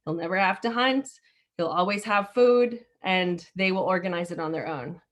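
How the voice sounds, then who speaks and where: A woman's voice: on the low side, moderate pace, a bit bright. Chatty woman leading a video call. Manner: chatty, many fillers and restarts. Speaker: discussion leader. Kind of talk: casual storytelling talk.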